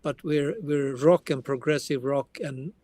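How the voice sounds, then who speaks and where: A man's voice: fairly high pitch, steady tone, measured pace, darkish tone. A man with a Swedish accent, a guitarist guest talking casually in an interview, rambling with frequent restarts. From Sweden.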